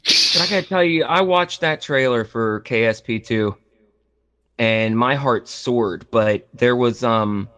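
A man's voice: medium pitch, unhurried, a bit bright, clean tone. A man chatting casually on a gaming podcast, rambling with lots of fillers and restarts. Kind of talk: casual podcast chat about games. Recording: slightly dull lo-fi audio.

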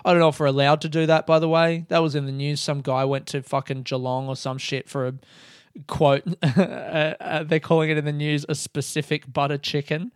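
Talking a little fast, an Australian man rambles animatedly through a casual solo story, swearing plenty as he goes. The close, dry recording has no echo or room sound, and his somewhat high voice comes across smooth and resonant.

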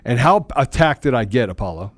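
A man hosts a talk show in an animated, self-mocking way. His voice is mid-range for a man. The recording is dry, with no room echo. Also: medium pitch, fairly quick. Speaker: host. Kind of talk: casual talk show conversation.

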